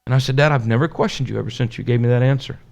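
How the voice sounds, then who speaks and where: Gravelly-voiced pastor telling a story. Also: male voice, medium pitch, very fast. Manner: conversational, acts out dialogue, laughs often. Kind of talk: storytelling sermon. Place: church.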